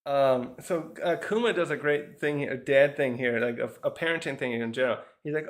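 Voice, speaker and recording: Speaking fairly quickly at medium pitch with hardly any pauses, this manga reviewer rambles scene by scene through a comic chapter, full of fillers and little chuckles in a casual review.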